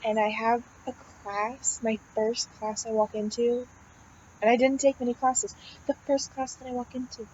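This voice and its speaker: A woman's voice: a little high, little pitch movement, normal speed, a little mellow, lo-fi sound, slight background noise. A young woman, a college student, talking casually and venting in a rambling way, swearing often and filling her speech with "like" and "um". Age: young adult. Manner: rambling, swears often, heavy use of "like" and fillers.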